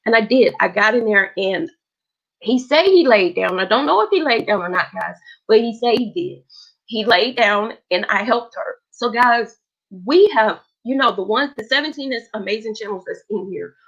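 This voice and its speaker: A woman's voice: fairly high pitch, lively intonation, normal speed, a bit bright. Female livestream host, heartfelt and emotional, casual chat on dull lo-fi audio. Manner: emotional, heartfelt, talks straight to viewers.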